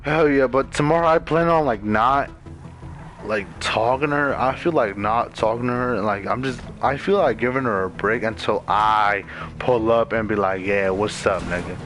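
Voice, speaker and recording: A man's voice: mid-range voice, moderate pace, a bit bright, soft background music, poor audio. A young man from Maryland, a gamer on voice chat, rambling and venting in a casual, profane way full of "like" fillers, talking from his bedroom over a headset. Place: bedroom at home.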